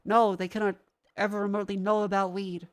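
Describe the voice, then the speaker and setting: Talking loosely to her chat as streamers do, a young woman rants in a heated, sarcastic tone and swears freely. Her medium-pitched voice moves little in pitch, runs fairly quick, and sounds a bit congested from a sinus infection.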